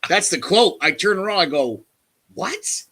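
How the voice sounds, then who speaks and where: Man, middle-aged, podcast co-host, casual storytelling, profane, animated, bright, lively pitch. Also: brisk. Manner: animated, profane, acts out quotes loudly.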